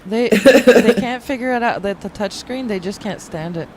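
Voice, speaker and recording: A woman's voice: fairly high pitch, normal speed, a crowd in the background. A middle-aged woman co-hosting a casual chat, talking freely and laughing often. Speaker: co-host.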